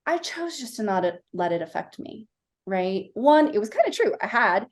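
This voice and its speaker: Animated woman guest acting out dialogue. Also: on the high side, moderate pace. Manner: animated storytelling, acting out quoted voices. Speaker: podcast guest, mindset coach. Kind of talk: casual interview chat.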